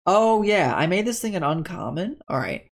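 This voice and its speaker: A chatty, upbeat host walks through tabletop game monster stats in a loose, rambling flow. They stop mid-thought to correct themselves and then carry on. The voice sits at a middle pitch. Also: big pitch swings, moderate pace, vocal fry. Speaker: tabletop game content creator.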